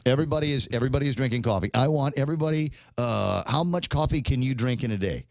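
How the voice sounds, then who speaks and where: A man's voice: mid-range voice, fast talker, gravelly, a little mellow, no room sound. A man hosting a morning radio show, chatting casually, laughing often and stammering over repeated words. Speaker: radio host.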